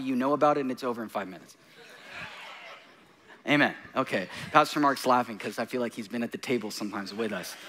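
Bright-voiced male preacher, laughing asides. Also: mid-range voice. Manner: jokey, self-deprecating asides between intense points; laughing often while talking. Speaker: guest preacher. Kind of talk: sermon.

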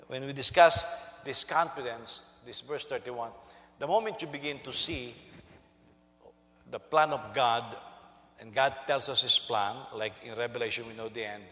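A male senior pastor preaching a sermon, animated and storytelling, who jumps into high voices to act out quotes. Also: in a large hall.

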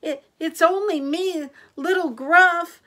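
An older woman putting on a tiny young billy goat from a storybook, squeaky and high, stammering as he pleads. Her voice jumps well above its usual pitch and gets loud and bright. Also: takes it slowly, full character voice. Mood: pleading.

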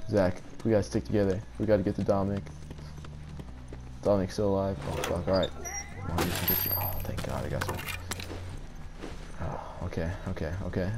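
Swearing, panicky gamer man, low voice. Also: heavy background noise. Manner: swearing, panicky, mock-dramatic. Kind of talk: let's play commentary. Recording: loud gunfire game audio behind.

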